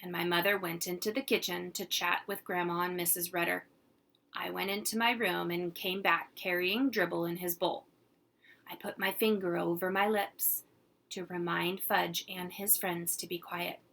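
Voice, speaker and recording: A woman teacher reading a children's chapter book aloud in gentle, unhurried storytelling. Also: fairly low pitch, fairly even intonation, creaky.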